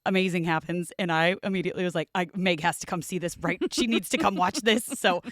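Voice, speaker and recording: A woman's voice: fairly low pitch, fast, a bit bright, no room sound, clean studio sound. A woman co-hosting a podcast in casual chat, telling stories and swearing freely. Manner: chatty, storytelling, swearing. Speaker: podcast co-host.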